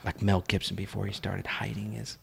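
A man's voice: lowish voice, level tone, fairly quick, gravelly, a bit bright, a little hiss or hum. A man calling in, eager and stammering, giggling as he asks for requests. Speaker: caller. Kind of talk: comedy sketch.

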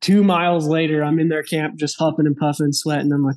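A man telling a hunting story in casual chat, animated, laughing and acting out the dialogue of the people in it. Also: fairly high pitch, fairly quick. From Wyoming. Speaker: podcast guest.

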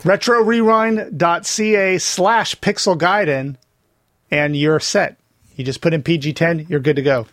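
An upbeat man banters on a gaming podcast, quick to jump in. His voice is slightly higher than most men's. The recording is close and dry. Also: fairly even intonation, dry recording. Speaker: podcast co-host. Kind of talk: casual chat.

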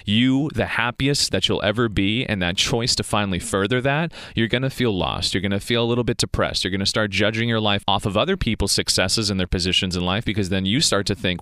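A young man hosting a podcast, telling a motivational story in a conversational, animated way and acting out the people he quotes. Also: fairly low pitch, moderate pace, no echo, studio quality. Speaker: podcast host.

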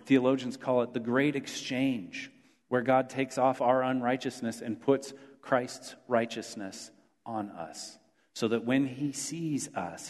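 Male pastor, mid pitch, earnest sermon delivery with swells and hushed drops, long hall echo. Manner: earnest, building to emphatic declarations then dropping soft.

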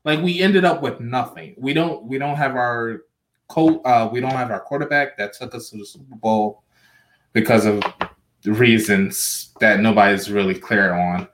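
A man co-hosting a casual sports podcast, talking in halting bursts with restarts and slightly slurred words. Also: medium pitch, a bit bright. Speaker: podcast co-host.

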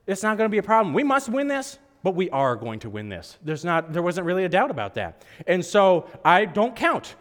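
A hoarse man preaching a sermon, telling a story in an animated, self-mocking way and laughing often. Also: high voice, a little fast. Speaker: pastor. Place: church service hall. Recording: echoey hall reverb.

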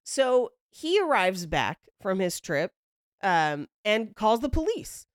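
A woman's voice: mid-range voice, big pitch swings, slow, no room sound, clean studio sound. A young woman hosting a podcast, casually telling a story, acting out quotes and laughing often. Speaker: podcast host.

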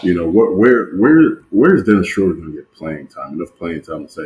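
A man's voice: low-pitched, lively intonation, a little fast, hardly any pauses, a little mellow, a little hiss or hum, rough recording. A man co-hosting a sports podcast in casual chat, slangy and emphatic, repeating phrases for effect. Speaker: podcast co-host.

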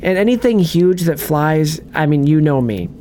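A man in casual movie chat, excitable and laughing often, with a faint hiss behind him. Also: on the high side, normal speed.

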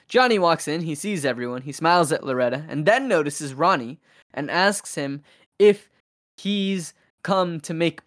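Podcast host, casual film recap, animated delivery with quick character voicing. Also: mid-range voice.

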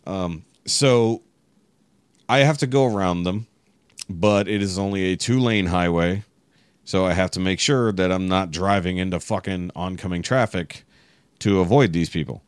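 A man with a very low voice tells a long, exasperated story on a podcast, cursing constantly as he goes. The sound is dry and close, with no room around it. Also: moderate pace, clear, resonant tone, no echo. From Texas. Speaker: podcast guest. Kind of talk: casual chat.

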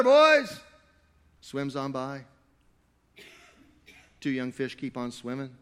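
A man preaching a sermon to a live congregation. He swings between loud, emphatic stretches and quiet asides, and he jokes with the crowd. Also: high-pitched. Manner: playful, jokey with the crowd. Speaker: pastor.

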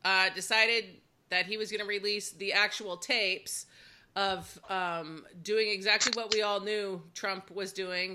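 A woman's voice: on the low side, bright, forceful tone. A woman hosting a podcast, talking bluntly and wryly with plenty of swearing. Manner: blunt, profane, wry. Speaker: podcast host. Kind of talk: casual chat.

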